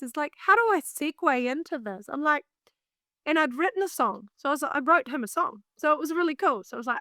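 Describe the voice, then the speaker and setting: New Zealand woman, singer, animated self-mocking storyteller, bright-pitched. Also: brisk, no echo, clean studio sound. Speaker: singer and vocal coach, guest. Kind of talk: casual storytelling in an interview.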